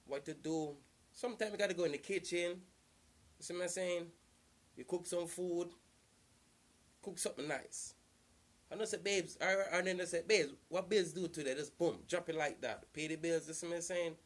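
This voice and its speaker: Man, casual advice vlogger, loose and repetitive, pitch a touch high. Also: fairly even intonation, moderate pace, long pauses. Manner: repetitive, loose and earnest, circling back to the same points. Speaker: vlogger giving relationship advice.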